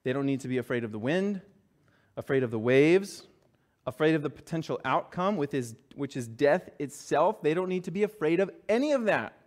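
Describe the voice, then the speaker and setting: Earnest preaching man, fairly high voice. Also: animated, moderate pace. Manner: earnest preaching, dropping soft and low for scripture, rising for emphasis. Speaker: pastor. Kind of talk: sermon.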